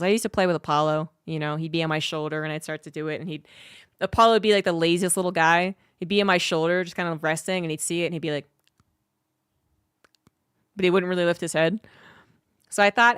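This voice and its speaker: Smooth-voiced woman telling a rambling story. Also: on the low side, a little fast, pauses often, fairly bright tone, no echo, clean studio sound. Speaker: streamer. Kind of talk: casual livestream chat.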